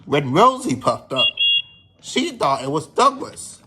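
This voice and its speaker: Guy telling a toy train story, bright husky voice, kinda rambly. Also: a little high, sing-song, slow pace. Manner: plain, rambling with slips. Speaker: narrator.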